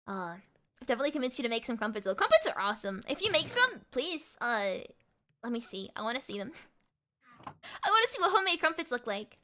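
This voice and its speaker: A young woman streaming and chatting with viewers, talking fast and giggling, with a mixed American and British accent. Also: fairly high pitch, sing-song, sharp tone. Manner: rapid, giggly, repeats words. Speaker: VTuber streamer. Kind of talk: casual live-stream chat with viewers.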